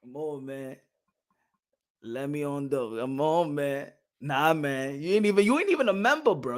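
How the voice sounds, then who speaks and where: A young man hosting a boxing channel livestream in casual chat, animated, repeating himself and laughing often, slipping into Spanish. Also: a little high, moderate pace.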